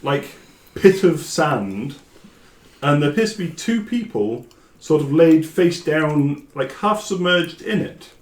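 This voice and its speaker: A man's voice: on the high side, lively intonation, takes it slowly. A man from northern England running a tabletop game as game master, talking loosely and laughing easily. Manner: casual, laughing, loose descriptions with fillers. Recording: echoey room, faint noise.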